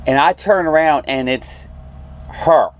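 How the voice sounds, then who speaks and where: Trucker guy telling a story slow, acts out the voices, kinda high pitched. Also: slight background noise. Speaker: truck driver. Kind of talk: storytelling vlog.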